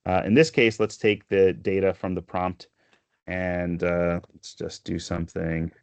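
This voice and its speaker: Male presenter, deep voice, dry close sound, explanatory demo delivery. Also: unhurried, clean tone, no room sound. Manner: explanatory, steady, with frequent fillers. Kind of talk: software demo walkthrough.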